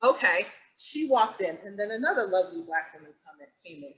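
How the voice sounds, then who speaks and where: Bright-voiced woman moderating a panel. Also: mid-range voice, brisk, gravelly, low-quality recording. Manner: animated storytelling, acts out quotes. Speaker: moderator and acting teacher. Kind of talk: panel discussion on a video call.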